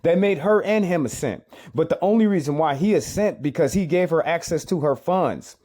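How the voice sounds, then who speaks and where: A man's voice: fairly high pitch, lively intonation, normal speed, warm tone. A man giving reaction commentary on a clip, emphatic and repetitive, often asking rhetorical questions.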